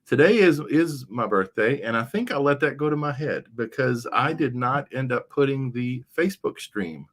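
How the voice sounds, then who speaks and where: A man's voice: mid-range voice, very animated, normal speed. A man hosting a casual livestream chat, rambling along with frequent fillers. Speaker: livestream show host.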